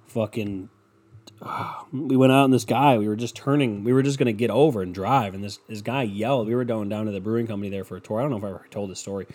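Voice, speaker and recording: A man's voice: fairly low pitch, a little mellow. Foul-mouthed young man ranting casually. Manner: profane, loose, storytelling. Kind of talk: casual rambling rant.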